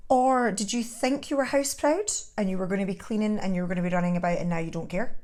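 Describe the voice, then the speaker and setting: A woman's voice: medium pitch, quick pace, a little mellow. A woman, chatting casually to camera as a vlogger, rambling and laughing often. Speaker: vlogger host.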